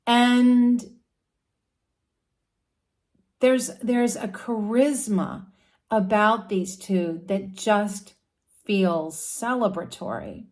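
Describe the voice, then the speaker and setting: Slow-talking woman telling an astrology tale. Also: mid-range voice, darkish tone. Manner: casual, with animal characters and fillers. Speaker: astrology storyteller. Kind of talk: storytelling explanation.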